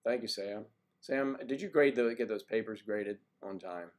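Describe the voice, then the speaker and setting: A man's voice: lowish voice, moderate pace. An older man from the US East Coast hosting a casual livestream, chatting loosely and greeting viewers by name as he reads their comments. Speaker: livestream host.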